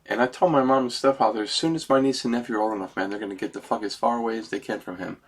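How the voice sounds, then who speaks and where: A middle-aged man with a lowish, breathy voice races through a rambling, emotional vlog monologue. He sounds close to tears and ends many sentences with "man."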